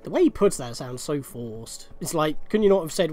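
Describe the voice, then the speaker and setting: A man's voice: mid-range voice, animated, quick pace, hardly any pauses, a bit bright. A young man giving rambling, chatty commentary over a video game walkthrough, often correcting himself mid-sentence. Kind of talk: casual gameplay commentary. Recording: game music faintly behind.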